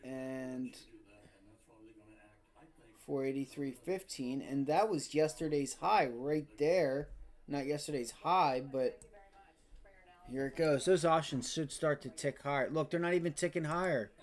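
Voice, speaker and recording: A man's voice: a little high, a little slow, long pauses. A man hosting a live day-trading stream, talking viewers through charts with profane, exasperated rants and repeated phrases. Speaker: day-trading livestream host.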